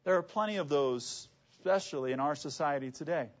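High-voiced preacher asking questions. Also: male voice, a little fast. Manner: conversational, asks the audience rhetorical questions. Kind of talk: sermon. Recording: dull lo-fi sound.

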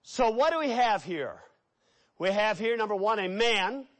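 High-voiced animated preacher man. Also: measured pace. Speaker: pastor. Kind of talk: sermon.

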